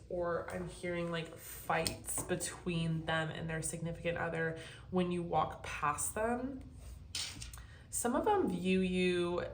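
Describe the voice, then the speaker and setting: A young woman with a low-pitched voice, talking through a tarot reading to her viewers in a blunt, chatty way. She swears freely and casually. The sound is roomy and echoey, with a faint hiss underneath. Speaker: tarot reader.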